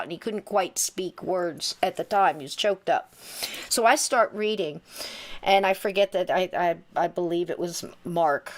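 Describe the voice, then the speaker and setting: A middle-aged woman telling a personal story in casual conversation, earnest and emphatic, halting with frequent restarts. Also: mid-range voice.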